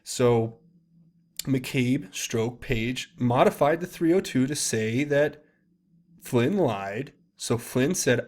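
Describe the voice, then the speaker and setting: A man's voice: medium pitch, lively intonation, slow. A man hosting solo political commentary, reading posts aloud in a casual, rambling, emphatic way with many fillers and restarts.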